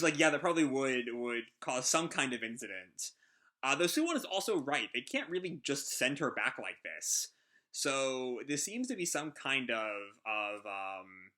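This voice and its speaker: A man's voice: mid-range voice, pushed and bright. A man hosting a live manga reading reaction, talking casually and hesitantly as he thinks aloud.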